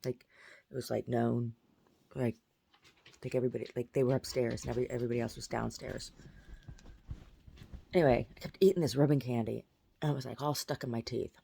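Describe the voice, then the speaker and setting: A woman's voice: extremely low pitch, fairly even intonation, a little fast, vocal fry, pauses often, dark tone, slight background noise. A woman telling about a strange dream in a casual vlog, rambling with many fillers and restarts. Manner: baby talk to her pet dog. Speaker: vlogger.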